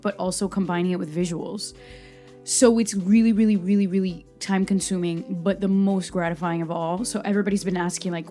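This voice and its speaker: A woman's voice: mid-range voice, soft background music. A young woman from Brazil hosting her own podcast, talking casually and passionately, laughing at herself now and then. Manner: animated, talks fast and passionately, laughs at herself. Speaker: podcast host. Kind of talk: casual solo podcast talk.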